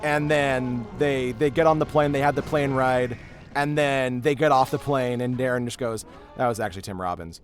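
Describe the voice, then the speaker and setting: A man's voice: mid-range voice, level tone, moderate pace, soft background music. A young man in casual chat on a game stream, rambling through anecdotes with lots of filler. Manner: rambling storyteller, swears heavily when riled up. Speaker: streamer and voice actor.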